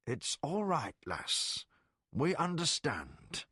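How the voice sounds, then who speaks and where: Male narrator doing a warm, wondering old magician; slow, gentle, lilting reads, dry studio sound. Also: on the high side, wildly swooping pitch, breathy edge, dry recording, full character voice. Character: kindly elderly male magician, warm and fascinated.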